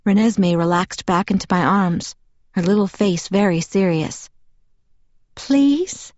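A woman with a somewhat low voice narrates a novel in first person, measured and even. The recording is very dry, with a slightly dull, muffled top end. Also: no room sound. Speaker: audiobook narrator.

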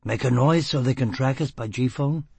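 A man voicing a tough, blunt, determined man who talks in gruff, clipped bursts. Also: mid-range voice, moderate pace, a little mellow, no echo. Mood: weary. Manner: gruff, clipped and rough-spoken.

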